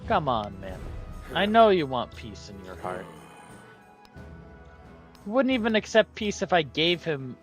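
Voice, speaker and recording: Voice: medium pitch, huge pitch swings, unhurried, long pauses, soft background music. A gamer giving casual gameplay commentary, breaking into melodramatic mock laments, yelps, swearing and laughter at setbacks. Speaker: strategy game streamer.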